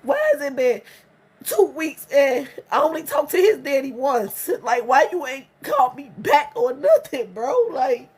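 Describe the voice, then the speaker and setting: A woman's voice: sits high, sing-song, measured pace, darkish tone. A young adult woman venting in a blunt, profane monologue, repeating her points over and over. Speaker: vlogger.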